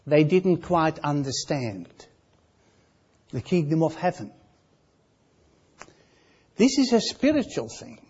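A man with a Dutch accent preaching a sermon, swinging between loud emphasis and soft, quiet asides. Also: sits high, breathy edge, muffled recording.

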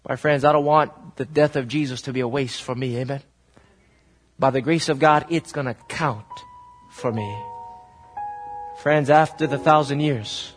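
A male preacher with a notably high voice delivers an emphatic, dramatic sermon. He leans into his words and keeps calling out to his listeners. Soft music sits faintly in the background. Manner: emphatic and dramatic, repeatedly addresses the audience as "friends".

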